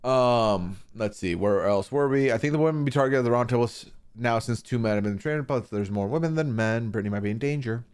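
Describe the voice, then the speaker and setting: A man's voice: medium pitch, a little fast, hardly any pauses, clean tone. A man streaming a casual, opinionated recap of a reality show, swearing freely and acting out what people said. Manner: animated, swearing, acting out quoted lines.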